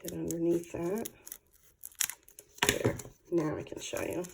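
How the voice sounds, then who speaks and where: Middle-aged woman, casual crafter demo; chatty and gushing, fairly low voice. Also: flat delivery, slow, creaky, heavy background noise. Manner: chatty, gushing, thinks aloud while handling supplies. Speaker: craft product demonstrator. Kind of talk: casual product show-and-tell.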